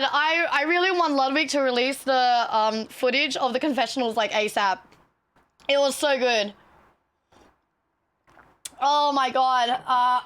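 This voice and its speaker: A woman streamer chatting casually to her viewers, excitable and swearing freely. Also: high-pitched. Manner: excitable, swears a lot, talks straight to chat.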